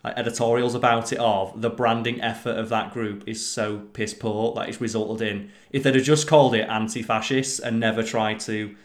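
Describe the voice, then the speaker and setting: A man chatting casually on a podcast, telling stories in an animated way and swearing freely. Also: lowish voice, moderate pace, few pauses. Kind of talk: casual chat. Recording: roomy echo.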